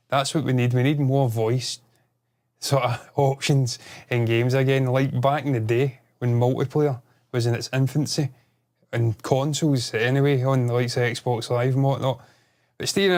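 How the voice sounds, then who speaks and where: A man, co-hosting a casual gaming chat, animated and sweary, prone to rambling. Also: mid-range voice. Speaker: podcast co-host.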